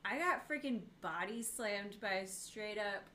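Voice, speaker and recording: A young woman co-hosting a podcast, chatting casually and telling stories in an animated way. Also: mid-range voice, measured pace, slight background noise. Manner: animated storyteller, acts out quotes. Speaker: podcast co-host. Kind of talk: casual chat, storytelling.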